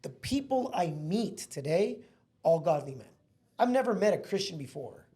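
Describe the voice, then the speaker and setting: A man's voice: sits high, sing-song, moderate pace, mellow. A man in his thirties, a podcast guest, telling a heartfelt personal story in an earnest, casual way. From Mexico. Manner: earnest, heartfelt, calls listener bro and man.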